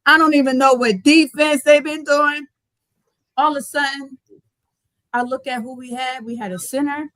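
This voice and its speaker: A young woman, a basketball coach, telling her story in a casual, colloquial way during an interview, animated and laughing often. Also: sits high, normal speed, dry recording. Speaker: guest, head basketball coach.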